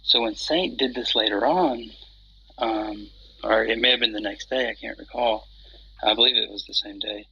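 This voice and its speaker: Husky, bright-toned man on dull audio. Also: on the low side, normal speed. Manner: rambling, many fillers and restarts. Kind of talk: casual chat. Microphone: phone on an audio chat app.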